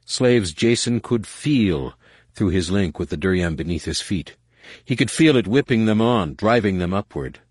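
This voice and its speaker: A man reading a dramatic story as narrator, measured, with slow emphatic pauses. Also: low voice, lively intonation, a little mellow, slightly rough, no room sound, clean studio sound. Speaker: audiobook narrator. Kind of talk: scripted narration.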